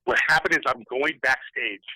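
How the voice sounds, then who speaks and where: A man's voice: medium pitch, moderate pace, sharp tone, dry recording, poor audio. A middle-aged man, a guest on a podcast, talking heatedly and profanely with many restarts. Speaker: guest, retired fighter. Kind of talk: podcast interview.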